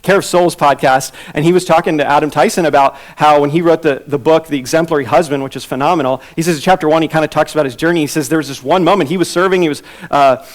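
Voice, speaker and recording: A man's voice: on the high side, quick pace, hardly any pauses. A man teaching a church class on soul care, talking conversationally and acting out quotes. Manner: conversational, with restarts and acted-out quotes. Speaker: Bible teacher.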